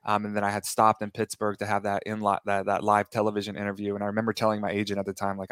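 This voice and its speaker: A man in his thirties talks as a guest, telling his story in a loose, rambling way. His voice sits low with little rise and fall. The sound is dry and close, with no room around it. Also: completely flat delivery, racing, hardly any pauses, fairly bright tone, smooth, no room sound. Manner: rambling, self-correcting, laughs while telling stories. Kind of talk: casual interview storytelling.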